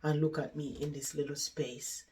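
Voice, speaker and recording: A tired old woman looks back on a life of overwork with quiet regret, voiced by a woman retelling her story. The speech is slow and heavy and sits near tears. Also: low-pitched, fairly even intonation, a little hiss or hum. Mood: weary. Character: weary regretful older woman in care.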